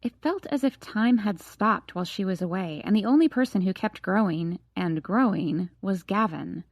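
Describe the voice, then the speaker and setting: A woman narrating a young adult novel as an audiobook reader, in an even storytelling manner. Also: mid-range voice, moderate pace, no echo. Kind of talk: scripted narration.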